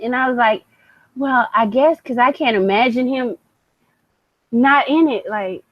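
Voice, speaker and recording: A young woman with a fairly high voice co-hosts a casual podcast. She talks in an animated way, laughs often and swears freely. Her mic sounds dry and muffled. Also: moderate pace, dry recording. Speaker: podcast co-host. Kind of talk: casual chat.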